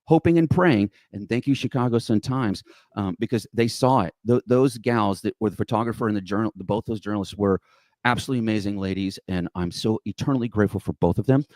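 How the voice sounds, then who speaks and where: A man, telling a lively story in conversation. He acts out the quoted dialogue and keeps checking in with "okay?". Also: lowish voice, fast, no echo. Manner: excitable, acts out quoted dialogue, says "okay?" and "bro" often. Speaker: podcast guest, charity cyclist.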